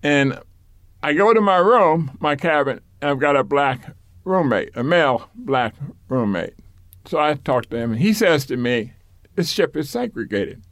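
A man's voice: on the high side, expressive, measured pace, a bit bright, no echo, studio quality. An older man being interviewed for an oral history, reminiscing in a rambling way with repeated words and occasional chuckles.

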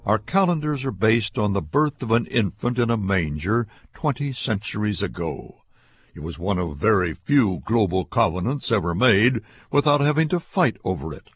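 A low, husky male voice reads a scripted radio meditation at a stately, unhurried pace. The recording is dull and lo-fi, dry with no room sound, like an old broadcast. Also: sing-song, no echo. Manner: measured, deliberate, stately. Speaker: narrator.

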